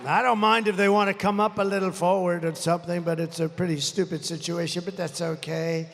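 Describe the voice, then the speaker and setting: Gravelly, high-pitched older man at a rally. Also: flat delivery, a little fast, hardly any pauses, fairly bright tone, slight background noise. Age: 70s. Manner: rambling, boastful, combative. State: strained throat from shouting. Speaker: presidential candidate. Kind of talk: off-the-cuff campaign rally speech. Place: large indoor rally venue. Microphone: podium microphone. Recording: echoey arena with faint crowd.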